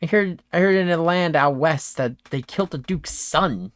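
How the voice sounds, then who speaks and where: A man's voice: a little high, moderate pace, no echo. A man narrating as game master of a tabletop game, in a laid-back, rambling way with frequent self-corrections.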